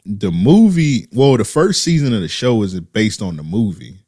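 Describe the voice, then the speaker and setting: A man's voice: lowish voice, big pitch swings, normal speed, dark tone, no room sound, studio quality. A man co-hosting a casual chat, bantering loosely with heavy slang.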